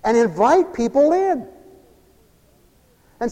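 A man preaching a sermon, telling stories and acting out the lines of the people in them, dropping to a hush and then building to fervent cries. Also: medium pitch, lively intonation, normal speed. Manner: storytelling with acted-out quoted dialogue, swinging from hushed to fervent cries. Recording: long echoey hall reverb.

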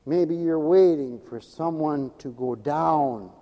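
A man with a high voice delivers a slow, deliberate sermon. He swings dramatically between loud exclamations and hushed asides. A long reverb trails his words, as if he is in a large hall. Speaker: preacher.

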